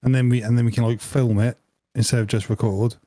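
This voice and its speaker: Mellow-voiced man chatting. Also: medium pitch, fairly quick, no room sound. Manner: relaxed, jokey, rambling anecdotes. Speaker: podcast co-host. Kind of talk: casual chat.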